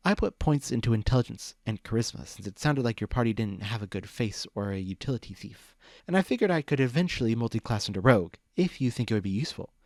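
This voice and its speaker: A man's voice: medium pitch, lively intonation, fast, a little mellow, no echo, clean studio sound, natural voice. A man voicing a sweet, clever young mare who bakes and plays an alchemist, talking in a chatty, upbeat, nerdy way.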